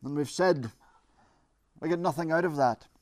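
A man's voice: on the high side, normal speed, dry recording. A man preaching and then leading an earnest, emphatic prayer for his congregation.

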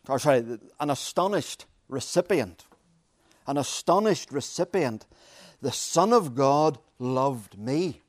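Male preacher, sermon, emphatic repetition, dramatic pauses, slightly high voice, dry close sound. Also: a little mellow, no room sound.

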